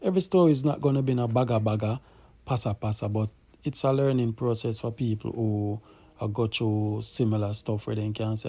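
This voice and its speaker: A Jamaican man hosting a casual call-in show, giving shout-outs and bringing the caller on in loose patois. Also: on the low side, brisk.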